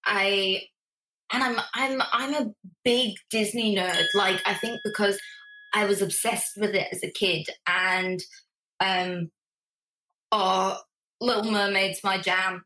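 A woman's voice: medium pitch, steady tone, takes it slowly, sharp tone, reverberant, rough recording. An Australian woman, a guest in a casual remote interview, chatty and self-deprecating.

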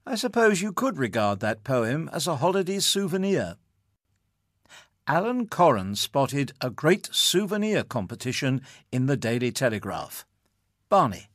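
A man hosting the show, briskly introducing the next contributor. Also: mid-range voice, very animated, no echo, studio quality.

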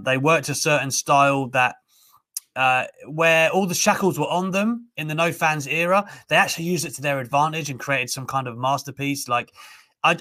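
A man's voice: a little high, bright, forceful tone. A man hosting a wrestling podcast, chatting casually and enthusiastically with many fillers. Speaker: podcast host.

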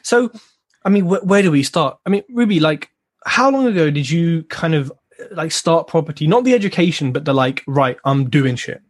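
A man's voice: fairly high pitch, lively intonation, normal speed. A man from England co-hosting a podcast, joking and teasing in casual chat. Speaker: podcast co-host.

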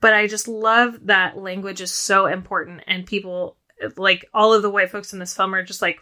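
A woman co-hosting a podcast, chatting casually about a film, with lots of "like" and quick restarts. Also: mid-range voice, steady tone, bright, forceful tone. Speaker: podcast co-host.

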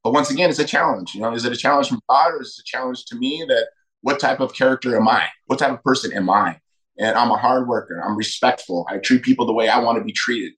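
A man's voice: mid-range voice, quick pace, fairly bright tone, rough recording. A middle-aged man, a podcast guest, telling candid personal stories emphatically and acting out quoted dialogue. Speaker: podcast guest, retired fighter.

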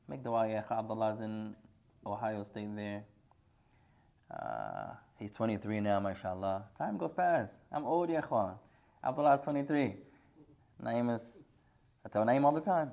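A man's voice: mid-range voice, animated, normal speed, creaky, pauses often, darkish tone. A middle-aged man teaching a hadith class, joking and teasing his students and mixing Arabic phrases into his English.

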